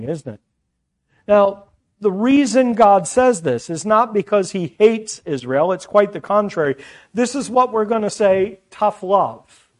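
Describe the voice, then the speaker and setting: A man's voice: high-pitched, a little mellow. A man preaching a sermon, teaching earnestly from scripture with chatty asides to the congregation.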